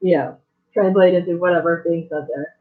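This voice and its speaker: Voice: mid-range voice, fairly even intonation, moderate pace. A player in a tabletop game, giving brief, guarded replies. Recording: phone-like thin sound.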